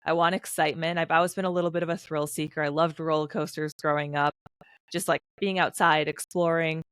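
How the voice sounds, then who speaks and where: A woman in her thirties, a former fighter pilot, chatting as a podcast guest in an animated storytelling way, acting out quotes. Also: low-pitched, clean tone, dry recording. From United States. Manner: animated storyteller, quick bursts, acts out quotes. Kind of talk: casual interview conversation.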